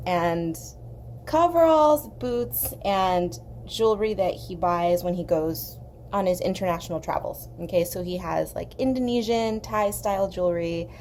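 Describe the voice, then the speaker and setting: A young woman from southern California, hosting an art channel, telling a long story in a chatty, animated way while she colors. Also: mid-range voice, slight background noise. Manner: chatty, animated, acts out quoted voices.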